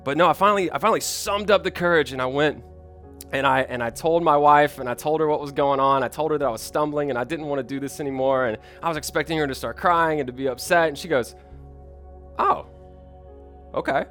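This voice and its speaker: A man's voice: fairly high pitch, fairly quick, a bit bright, soft background music. A young man preaching a sermon, earnest and personal, often restarting his sentences. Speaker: pastor.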